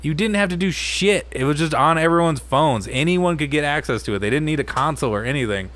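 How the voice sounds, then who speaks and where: A man co-hosting a casual podcast, ranting in an animated way and swearing a lot. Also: a little high, fast. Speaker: podcast co-host.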